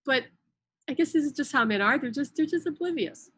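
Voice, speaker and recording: A middle-aged woman talking casually on a live stream, retelling events in an animated way with many restarts and quoted dialogue. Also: high-pitched, brisk. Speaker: host, spiritual channel.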